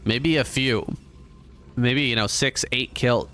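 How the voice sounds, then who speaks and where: A man giving relaxed, conversational play-by-play commentary on a strategy game match, with casual asides. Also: medium pitch, slow pace, faint music behind. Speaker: esports caster.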